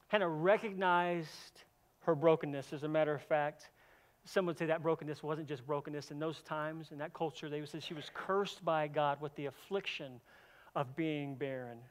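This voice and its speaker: A man who is a senior pastor, preaching a sermon as an earnest storyteller who often repeats a word when starting a phrase and swings between emphatic stretches and hushed passages. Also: a little high, steady tone, normal speed.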